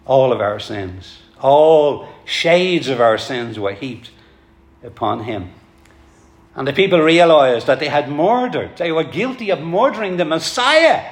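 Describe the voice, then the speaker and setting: A man's voice: fairly high pitch, lively intonation, unhurried. A man preaching a sermon to his congregation, earnest and pleading, calling them folks. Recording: echoey hall.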